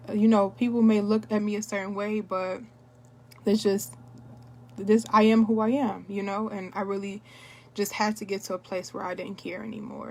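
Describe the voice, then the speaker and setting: A woman's voice: mid-range voice, a little hiss or hum. A young adult woman recording a candid personal testimony at home, telling her story with repetition and talk of prayer. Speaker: wellness product seller.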